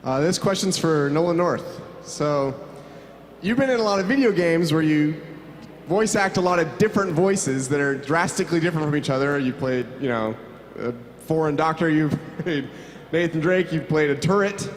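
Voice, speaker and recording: A man's voice: a little high, normal speed, a little hiss or hum. A man from the audience asking a long, hesitant question at a convention panel. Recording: reverberant hall.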